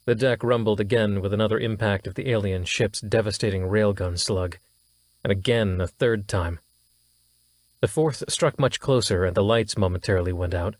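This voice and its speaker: A man narrating a science fiction audiobook in a steady, even storytelling manner. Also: on the low side, normal speed, no echo. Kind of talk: scripted narration.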